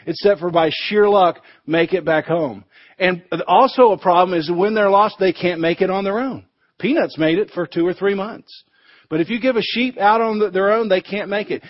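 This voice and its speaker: A man's voice: on the high side, no room sound. A male pastor delivering a sermon in a conversational storytelling way, with touches of humor. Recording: dull lo-fi recording.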